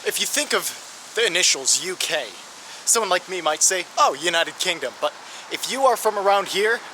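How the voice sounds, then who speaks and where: A man narrating his travel vlog with a slightly raised voice and an explanatory, dryly humorous manner. He records outdoors in a city, with traffic noise clearly heard behind him. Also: high-pitched, expressive, moderate pace. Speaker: travel vlogger. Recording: noisy outdoor street recording.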